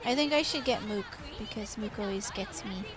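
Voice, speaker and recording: A woman's voice: mid-range voice, lively intonation, normal speed, over loud music. A woman streaming a game, chatting casually with her viewers, cooing at and teasing the horses and swearing now and then. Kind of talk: casual live-stream chat while gaming.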